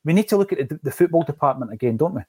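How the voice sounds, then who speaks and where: A man's voice: a little high, animated, racing, warm tone, slightly rough, dry recording. A man hosting a casual football podcast, talking in an emphatic, rhetorical way. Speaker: podcast host.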